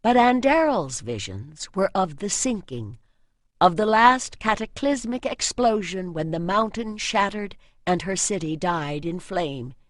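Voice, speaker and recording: Woman audiobook narrator, slow measured delivery, dry close recording. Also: medium pitch, expressive, dry recording.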